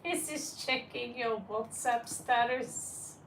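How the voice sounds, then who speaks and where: A woman's voice: a little high, slow, vocal fry, a bit bright, recorded from a distance, a little hiss or hum. Giggly woman tarot reader, echoey room. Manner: giggly, laughs often. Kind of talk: live-stream chat.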